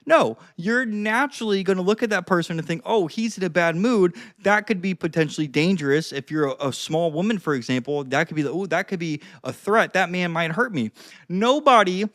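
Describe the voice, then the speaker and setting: A man's voice: high voice, a bit bright, no room sound, clean studio sound. A young man giving casual social-skills advice to camera, rambling with lots of fillers and the odd swear word. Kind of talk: casual talking-head advice.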